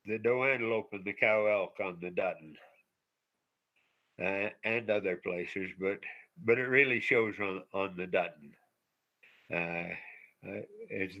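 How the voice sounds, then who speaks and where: A man on an advisory council putting questions at a public meeting, halting and searching for his words. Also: lowish voice, highs cut off.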